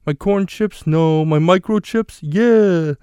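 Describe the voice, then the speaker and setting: Bumbling sitcom man, done by a man, raised pitch, flustered, rambling. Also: slow pace, mellow, smooth, dry recording, clean studio sound. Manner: flustered, rambling self-corrections.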